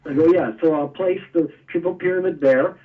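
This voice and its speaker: A man's voice: on the high side, fairly quick, far from the mic, phone-quality sound. A man being interviewed, explaining step by step with a few chuckles. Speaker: guest, energy tool maker. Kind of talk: casual interview.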